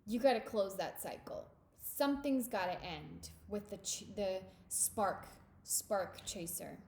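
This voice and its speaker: Woman tarot reader, unhurried and emphatic, intimate with listener, echoey room. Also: mid-range voice, darkish tone. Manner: intimate, emphatic, addresses listener as darling and babe. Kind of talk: tarot reading monologue.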